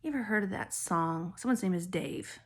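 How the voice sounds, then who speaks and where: Older woman, tarot reader, rambling free-association, husky voice, low pitch. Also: a little fast. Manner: rambling free-association, trailing into whispered asides. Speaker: tarot reader and spiritual healer. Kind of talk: intuitive collective tarot reading.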